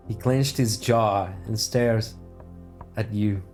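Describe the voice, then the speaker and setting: A man's voice: lowish voice, fairly even intonation, slow, darkish tone, faint music behind. Man casually reading a game aloud. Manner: casual, offhand asides. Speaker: let's play gamer. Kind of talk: reading game text aloud while playing.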